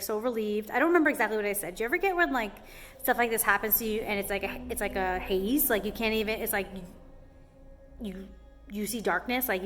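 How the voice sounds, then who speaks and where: Young woman vlogger, conversational storytelling, lots of "like", lively. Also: mid-range voice. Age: young adult. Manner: chatty, says "like" constantly, animated retelling. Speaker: hair salon owner. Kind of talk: casual storytime to camera.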